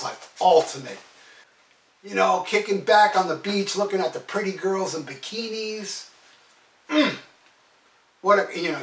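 A man's voice: fairly high pitch, fairly bright tone. A man reviewing albums in a casual monologue, profane and sarcastic. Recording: echoey room, mic at a distance.

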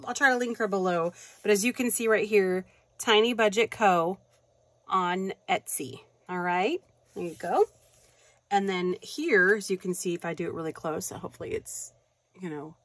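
Gushing, excitable woman vlogger. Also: medium pitch. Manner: gushing and excitable, frequent gasps and exclamations; affectionate, calls viewers hon and you guys. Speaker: vlogger unboxing happy mail. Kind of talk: casual unboxing chat.

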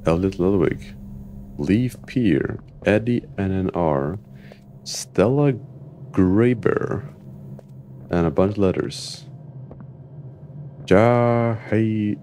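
A low-pitched, slow streamer voice that swings widely in pitch while joking through a horror game. Faint noise sits under the talk. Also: lively intonation, warm tone. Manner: joking, talks to himself and the game. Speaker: gaming streamer. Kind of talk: casual gameplay commentary.

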